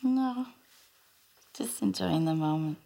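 An actress playing a young waitress and mother who jokes her way out of trouble with quick sarcastic quips. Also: lowish voice, animated, vocal fry, mellow, slight background noise, exaggerated voice. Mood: playful. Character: wry, flustered young mother who fibs. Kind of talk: sitcom acting.

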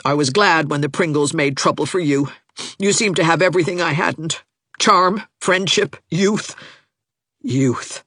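A woman reader voicing a bitter, lonely young woman teacher who speaks haltingly and with self-pity, in an audiobook. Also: low voice, a bit bright, no echo, studio quality. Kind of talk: audiobook character voice.

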